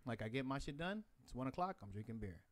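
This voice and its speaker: Man, very fast and lively delivery, rambling frank confession in a casual chat. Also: medium pitch, no echo. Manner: rambling, profane, animated confession. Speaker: podcast guest talking about drinking.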